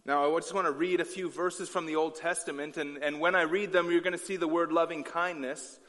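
Male pastor, slightly high voice, earnest sermon delivery with restarts, reverberant hall. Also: fairly even intonation, brisk, sharp tone. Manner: earnest, repeats himself with frequent restarts.

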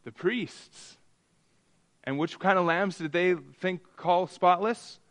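A man teaching a Bible study, often stumbling and restarting, sometimes acting out quoted voices with rising excitement. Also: sits high. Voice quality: halting, repeats words and restarts often. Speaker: pastor.

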